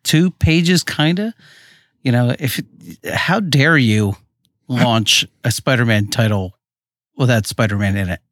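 A man's voice: mid-range voice, unhurried, a bit bright, dry recording, clean studio sound. A man co-hosting a podcast, chatting casually with wry, joking asides. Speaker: podcast co-host. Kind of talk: casual comic book discussion.

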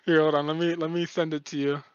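A young man with a slightly high voice tells a long story in loose, rambling casual chat, swearing freely as he goes. The sound is dry and a little dull, like a lo-fi recording. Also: a bit bright, clear, resonant tone, no room sound.

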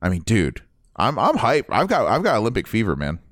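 Young man from Ohio, low voice, lively delivery, dry close sound; podcast co-host. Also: a little fast, no room sound. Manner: animated, chatty, says dude and man a lot. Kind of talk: casual chat.

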